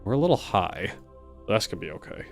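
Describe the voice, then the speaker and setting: Excitable young man narrating gameplay. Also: lowish voice, a little fast, over music. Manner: excitable, self-talking, stammering restarts. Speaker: gaming YouTuber. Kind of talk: let's-play commentary.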